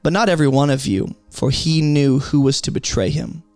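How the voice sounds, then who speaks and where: A man's voice: a little high, brisk, a little mellow, dry recording. A man teaching through a Bible passage in an emphatic, explanatory way, often asking rhetorical questions.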